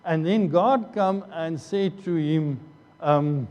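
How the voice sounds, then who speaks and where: A man's voice: on the high side, takes it slowly, a little mellow, dull audio. A man preaching a sermon as pastor, earnest, often repeating phrases and restarting. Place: church hall. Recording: long church hall reverb.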